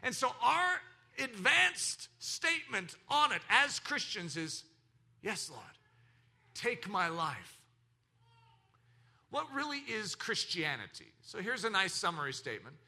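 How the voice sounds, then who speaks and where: A man preaching a sermon, swinging between loud exclaiming and hushed lines, with acted laughter and quoted voices. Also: high-pitched, very animated, slow pace, creaky. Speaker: pastor.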